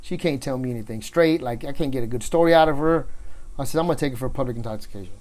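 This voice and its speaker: A man's voice: mid-range voice, rapid-fire, low-quality recording. A middle-aged man, a police officer, telling a story in casual chat, swearing freely and acting out what people said. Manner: profane, animated retelling, acts out others' lines.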